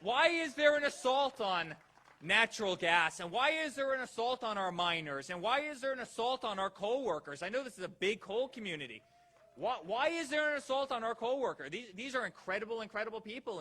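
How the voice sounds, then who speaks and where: This rally speaker's voice is high, pushed and bright. He stirs up the crowd at a political campaign event, hammering them with one rhetorical question after another.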